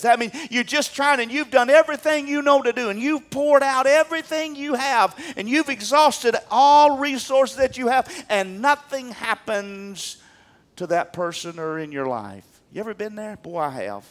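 A man preaching a sermon in church, animated, swinging from loud emphatic peaks down to quiet asides. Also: extremely high pitch. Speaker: pastor.

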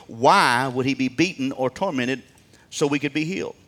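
A man preaching a sermon in a church, folksy and fervent, rising to near-shouts and dropping to hushed asides. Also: mid-range voice, normal speed. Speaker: pastor.

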